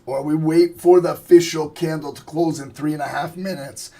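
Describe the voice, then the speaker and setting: A man with a raspy voice hosting a live trading stream, casually joking and thinking aloud as he calls the charts. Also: fairly high pitch, steady tone, moderate pace, dark tone.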